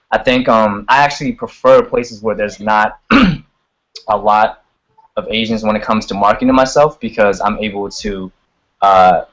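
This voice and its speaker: A man's voice: on the low side, low-quality recording. A young man chatting casually as a guest on a video call, full of "like" and "you know", swearing freely. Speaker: guest singer and rapper.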